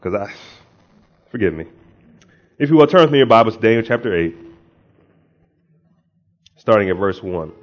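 A man's voice: fairly low pitch, expressive, normal speed, pauses often. A man preaching as a pastor, speaking in a conversational way that rises into emphatic bursts, praying and reading scripture aloud. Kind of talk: sermon with prayer and scripture reading. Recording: dull lo-fi sound.

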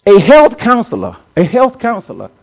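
A man's voice: high-pitched, huge pitch swings, normal speed, gravelly, a little mellow, highs cut off. A male pastor preaching a sermon to a congregation in a church. He preaches with emphasis, repeats phrases, and chuckles often.

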